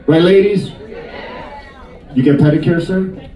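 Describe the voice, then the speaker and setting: A male stand-up comedian from Queens doing crowd work and animated storytelling on a cruise ship stage. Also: sits high. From Queens, New York. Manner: animated storyteller, quick shifts into character voices. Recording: echoey room, mic at a distance.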